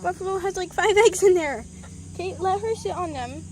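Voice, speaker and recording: A woman's voice: very high-pitched, lively intonation, a little fast, a little mellow, a little hiss or hum. A young woman vlogging outdoors at a chicken coop, talking to the camera she holds and coaxing her hens in a chatty, sing-song way. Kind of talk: casual vlog narration. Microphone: handheld camera.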